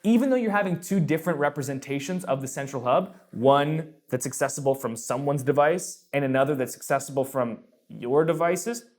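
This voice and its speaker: A man hosting a casual Q&A explainer show, talking in an energetic, animated and jokey way. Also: a little high, a little fast. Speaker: show host answering viewer questions.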